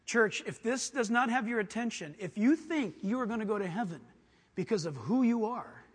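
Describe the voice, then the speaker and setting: A man preaching a sermon, acting out quoted voices and swinging from hushed, intimate lines to loud shouts. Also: sits high, expressive, normal speed, breathy edge. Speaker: pastor. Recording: long hall reverb.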